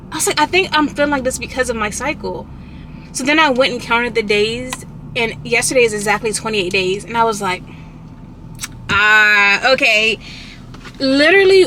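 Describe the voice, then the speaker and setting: A young woman, chatting casually in her vlog and telling stories with animated quoted outbursts. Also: a little high, slight background noise. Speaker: vlogger. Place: inside a car.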